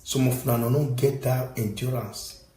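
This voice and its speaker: A Nigerian man giving impassioned, scolding commentary, bursting into shouts and preaching at his listeners. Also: mid-range voice, steady tone, normal speed, reverberant, slight background noise, low-quality recording. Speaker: online commentator.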